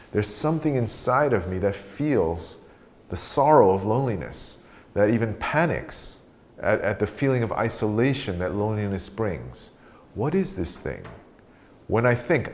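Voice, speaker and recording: A man leading a guided meditation, speaking slowly and calmly as he teaches breathing and a question practice. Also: lowish voice. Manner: slow, calm guiding voice.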